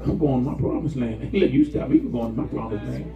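A man preaching a lively, folksy sermon with call-and-response and shouts to the congregation. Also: mid-range voice, brisk. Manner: folksy, conversational, acts out quoted voices. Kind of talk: lively Palm Sunday sermon. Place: church sanctuary. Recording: echoey church heard from far off over a tinny line.

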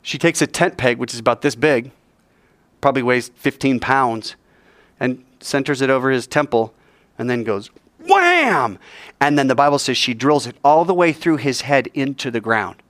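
A man teaching a Bible lesson as animated storytelling, joking, vivid and talking straight to his listeners in a hot indoor room. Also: medium pitch, moderate pace, no echo.

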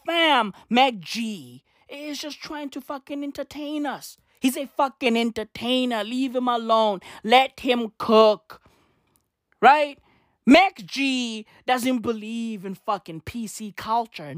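A man rants in a comic monologue, swearing constantly and circling back to the same lines again and again. His voice sits fairly high for a man, and the recording is close and dry with no room sound. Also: sharp tone, dry recording. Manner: rambling, repetitive, keeps saying bruv and right; swears heavily, mock-swaggering. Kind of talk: profane comic rant monologue.

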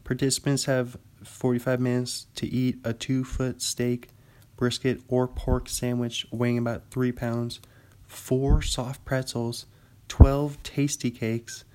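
A young man from Washington state hosts a laid-back solo podcast. He rambles at a middling pitch, chatty and quick to laugh at his own asides. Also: darkish tone. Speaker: podcast host. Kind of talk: casual solo chat.

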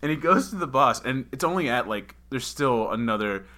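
Laughing, animated male podcast host. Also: medium pitch, brisk. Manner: animated storyteller, laughs often. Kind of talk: casual interview chat.

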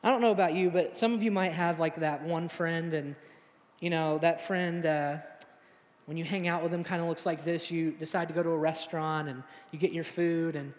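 High-voiced young pastor in a reverberant hall. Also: male voice, fairly even intonation, normal speed. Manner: casual, storytelling, acts out quotes with rising pitch. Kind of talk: sermon.

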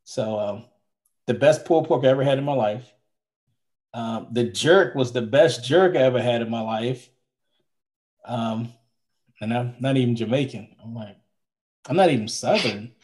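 A man's voice: mid-range voice, moderate pace, long pauses, darkish tone. A man co-hosting a podcast in a casual, rambling chat, often repeating himself. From from Maryland, now Florida. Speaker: podcast co-host.

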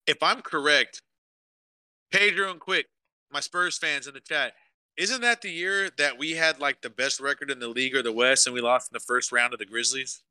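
Speaking at normal speed in a clear, resonant, sharp mid-range voice, a young man co-hosts a casual podcast on a dry recording. He swears freely and goes on emotional sports rants aimed at his live chat.

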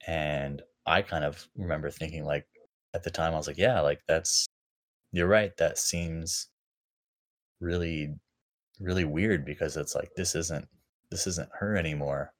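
A man with a very deep, low voice talks through a personal memory in a loose, unscripted way. He circles back, restarts sentences and leans on lots of filler words as he thinks aloud. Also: fairly even intonation. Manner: halting, full of fillers and restarts. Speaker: podcast co-host. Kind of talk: casual reflective chat.

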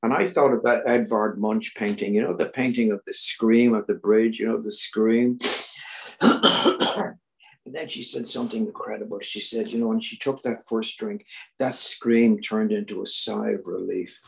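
Older Northern Irish man, gravelly testimony. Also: on the low side, fairly even intonation, moderate pace, low-quality recording. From Northern Ireland. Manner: earnest storytelling that swings between loud emphasis and near-whispers. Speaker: recovery meeting speaker. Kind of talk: personal testimony.

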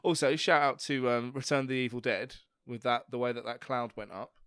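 A man chatting casually as a podcast co-host, laughing often and breaking into loud put-on voices. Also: mid-range voice, steady tone, a little fast, clean tone, dry recording, clean studio sound. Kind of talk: casual chat.

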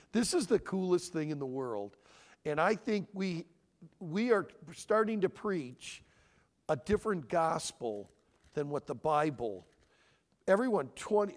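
A man in his sixties from Michigan, giving an animated sermon-style talk at a family conference and pressing his audience with questions. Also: high voice. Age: 60s. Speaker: conference speaker.

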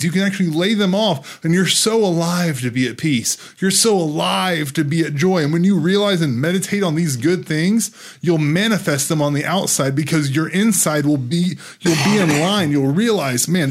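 A man talking about faith in an earnest way, growing excited and lively as he speaks. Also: on the high side, normal speed, hardly any pauses. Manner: earnest, gets excited and animated. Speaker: Christian teacher. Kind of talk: casual faith discussion.

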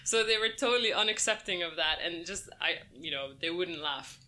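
A woman stand-up comedian from the Netherlands chatting in an interview, animated and self-mocking, laughing often. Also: on the low side, moderate pace. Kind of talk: casual interview chat.

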